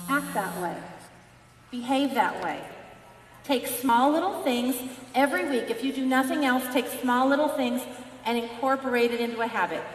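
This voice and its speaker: A woman giving an energetic motivational keynote at a sales convention. She keeps asking the crowd questions, and her voice is worn from shouting. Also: high voice, a little hiss or hum. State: losing her voice. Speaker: sales conference speaker. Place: large convention hall. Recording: echoey hall, voice from far off.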